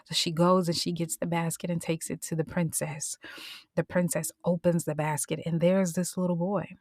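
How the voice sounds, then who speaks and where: A woman host retelling a Bible story in a casual, expressive way, often dropping into a whisper. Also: lowish voice, normal speed, dry recording, clean studio sound. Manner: expressive, drops into whispers and voices.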